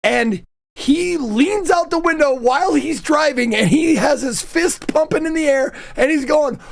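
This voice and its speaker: A young man hosting a chat with his mother, telling stories in a casual, animated way and laughing often. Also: extremely high pitch, measured pace, gravelly, no echo. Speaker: host interviewing his mother.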